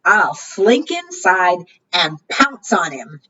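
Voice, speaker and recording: A woman voicing a cat in a storybook who squeals high cries for help. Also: big pitch swings, takes it slowly, pushed and bright, full character voice. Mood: alarmed. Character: nervous slinking cat. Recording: dull distant recording.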